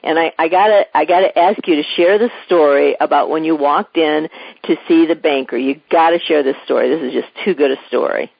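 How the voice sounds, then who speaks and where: Husky, enthusiastic radio interview host. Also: medium pitch, a little fast, no echo. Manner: enthusiastic, encouraging. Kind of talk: conversational interview. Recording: dry, muffled radio broadcast.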